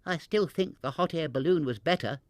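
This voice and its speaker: A small boy bear cub from a children's storybook, soft and dreamy, speaking a little higher than normal, as a man acts him out. He sounds gentle and childlike. The voice is close and dry. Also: normal speed, dry recording, close to an everyday voice. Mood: plain.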